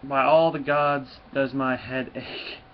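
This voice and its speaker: A man's voice: mid-range voice, level tone, slow pace, close to an everyday voice. A man reading out a grumbling, hungover male dragon in a plain voice, on a dull lo-fi recording with faint hiss.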